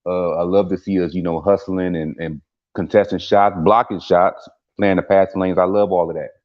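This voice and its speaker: A man hosting casual sports talk, speaking haltingly with many fillers. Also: sits low, fairly even intonation, lo-fi sound. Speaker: show host.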